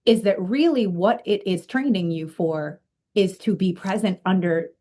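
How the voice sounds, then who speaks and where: A woman's voice: medium pitch, a little slow, mellow. A woman hosting a podcast interview, talking in an earnest, reflective way with frequent fillers. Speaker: podcast host and coach. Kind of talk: casual interview conversation.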